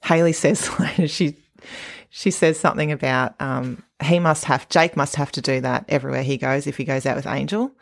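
Low-voiced woman co-host, chatty, laughs a lot, acts out the quotes. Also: normal speed, creaky. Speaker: podcast co-host. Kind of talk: casual recap chat.

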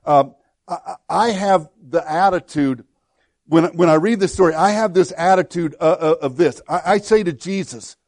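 A man's voice: high-pitched, moderate pace, a little mellow, no room sound. A middle-aged man preaching a sermon in an earnest, conversational way, acting out the prayers and pleas he quotes. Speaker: pastor.

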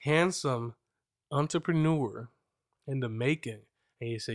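A man's voice: medium pitch, a little slow. A man in his late twenties hosting a podcast, chatting casually with jokey, boastful banter. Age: late 20s. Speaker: podcast host. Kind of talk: casual chat.

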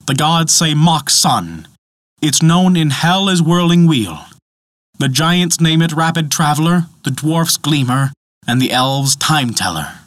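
A proud, pale dwarf speaks bluntly and with haughty scorn, as a man puts him on for a told myth. The voice sits fairly high and swings widely in pitch. The sound is dry and close. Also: animated, a little slow, fairly bright tone, no room sound. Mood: recital. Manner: haughty, testy.

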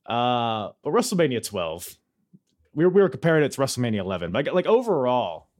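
A man hosting a podcast, chatting casually and joking in a rambling way. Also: fairly quick. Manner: joking, rambling, lively pitch. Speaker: podcast host.

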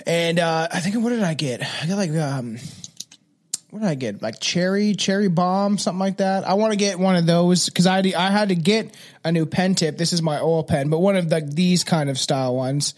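A man's voice: on the high side, moderate pace. A man hosting a podcast in casual, rambling, slangy chat, laid back and swearing freely. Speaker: podcast host.

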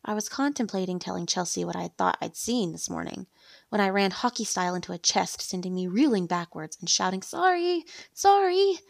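A woman's voice: fairly low pitch, fairly quick, creaky, no echo. A woman narrating a first-person romance story in a chatty, wry manner.

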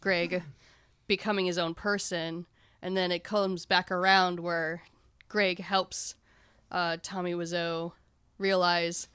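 Casting: woman, smooth clear voice, dry close sound, candid podcast co-host. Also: lowish voice, takes it slowly, no echo. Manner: candid, swears casually, lively. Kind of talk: casual podcast film discussion.

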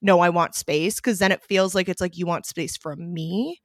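A woman co-hosting a casual podcast, talking candidly and swearing freely, leaning on "like" and jumping up high when she quotes herself. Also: moderate pace, dry recording, studio quality. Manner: animated, jumps high when quoting herself. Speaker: podcast co-host. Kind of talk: casual chat.

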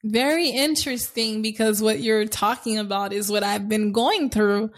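A woman's voice: mid-range voice, moderate pace. A woman in her twenties chatting casually, telling stories and acting out the voices of people in them. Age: 20s. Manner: animated storyteller, acts out quotes. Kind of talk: casual chat.

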